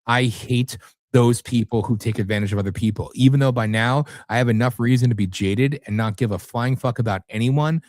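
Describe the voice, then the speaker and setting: A man's voice: medium pitch, fairly quick, a little mellow, no echo, studio quality. A man on a talk stream, speaking bluntly and angrily, with swearing. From United States. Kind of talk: heated political talk.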